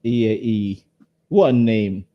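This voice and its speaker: A man's voice: on the low side, slow, muffled recording, a little hiss or hum. A man co-hosting a casual chat, teasing the others and often stumbling over repeated words. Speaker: co-host.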